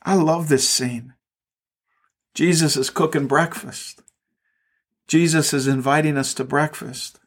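A man preaching a sermon with a slightly high voice. He tells the story in an earnest, conversational way, and he often trips over his words and repeats them as he goes. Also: fairly even intonation, takes it slowly, long pauses. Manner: earnest storytelling with frequent stammered word repeats. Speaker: pastor.

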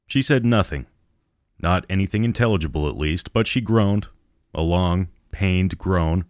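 A man narrating a horror story in a measured storytelling manner. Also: deep voice, no echo, clean studio sound.

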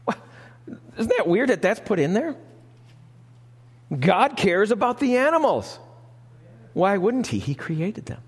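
High-voiced preaching man, church reverb. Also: lively intonation, unhurried. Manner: emphatic, asks the congregation questions. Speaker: pastor. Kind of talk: sermon. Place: church sanctuary. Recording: live church recording with reverb.

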